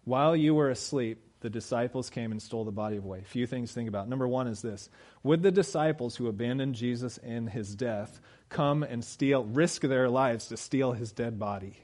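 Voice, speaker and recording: With a darkish, medium-pitched voice at normal speed, this thirty-something pastor preaches in a conversational style. He brings characters' quoted lines to life with their own voices, climbing toward emphatic high points.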